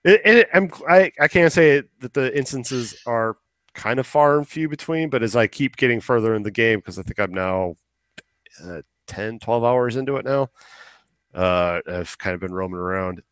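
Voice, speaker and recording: A man's voice: medium pitch, animated, moderate pace, a bit bright, clear, resonant tone, no echo. A man co-hosting a podcast in casual chat, rambling and swearing casually as he acts out quotes. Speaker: podcast co-host.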